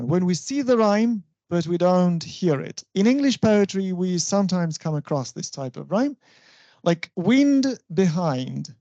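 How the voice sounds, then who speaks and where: Lecturer, slow and patient, checks understanding, dry close sound. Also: mid-range voice, a little mellow, no room sound, muffled recording. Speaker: university lecturer. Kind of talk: English stylistics lecture.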